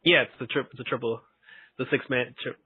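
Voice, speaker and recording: A man co-hosting a podcast in a casual chat, laid-back and agreeable, quick to laugh along. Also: mid-range voice, fairly even intonation, breathy edge. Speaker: podcast co-host. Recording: tinny phone-like, dry sound.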